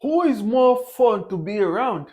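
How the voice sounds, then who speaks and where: A young man with a notably high voice shares his views in a loose, unscripted monologue. He speaks candidly and wanders from point to point, often restarting his sentences and filling the gaps with "uh" and "you know". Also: very animated, unhurried, darkish tone. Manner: candid, rambling, with frequent fillers and restarts. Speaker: vlogger. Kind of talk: casual opinion monologue.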